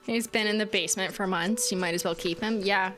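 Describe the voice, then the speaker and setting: A woman's voice: medium pitch, steady tone, brisk. A woman in her late twenties opening fan mail on a live stream in casual, chatty talk, swearing freely and laughing often. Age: late 20s.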